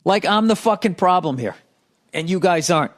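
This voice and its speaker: A man's voice: sits high, animated, moderate pace. Profane, exasperated middle-aged man ranting. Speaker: podcast host. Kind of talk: ranting podcast monologue reading listener letters.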